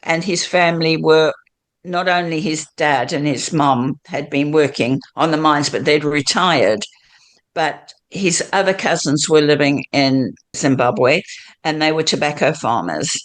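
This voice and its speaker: A woman's voice: low voice, unhurried. An older woman with a blended British, Australian and South African accent, telling her life story as an interview guest, chatty and reminiscing, laughing often. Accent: mixed British, Australian and South African. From Britain.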